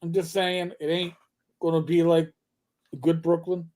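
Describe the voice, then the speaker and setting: A man with a New York accent, co-hosting a casual livestream chat in a halting, rambling way with many restarts. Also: on the high side, level tone, a little mellow. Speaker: podcast co-host.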